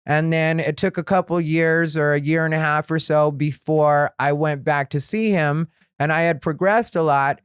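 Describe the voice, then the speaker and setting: Comedian guy rambling on his podcast, smooth voice, kinda high, gets worked up telling stories. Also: normal speed, few pauses, dry recording, studio quality. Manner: rambling, frank, gets animated retelling stories. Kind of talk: candid solo podcast storytelling.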